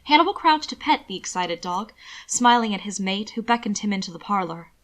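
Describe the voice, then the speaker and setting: A woman reading fiction aloud as narrator, with steady, expressive storytelling. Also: mid-range voice, brisk. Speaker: audiobook narrator.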